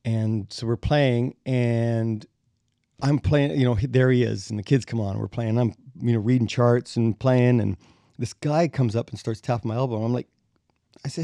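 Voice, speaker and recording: A middle-aged man, a bassist and podcast guest, telling animated stories, acting out quotes and chuckling as he goes. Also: moderate pace, dry recording, clean studio sound. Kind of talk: anecdotal storytelling in conversation.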